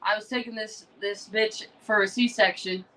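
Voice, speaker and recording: A woman's voice: medium pitch, fairly even intonation, normal speed, bright, forceful tone. An American woman, a dog breeder and interview guest, telling stories in a chatty, matter-of-fact way. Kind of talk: casual storytelling. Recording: distant voice, away from the mic.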